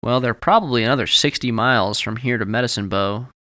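A man voicing a wry, steady male novelist who answers with dry humor. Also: mid-range voice, fast talker, no echo, lightly acted. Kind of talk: audiobook character voice.

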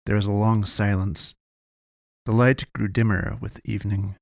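A man narrating a dark fantasy story in a measured, deliberate reading. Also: fairly low pitch, flat delivery, creaky, no echo, studio quality. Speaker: audiobook narrator. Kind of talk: scripted fiction narration.

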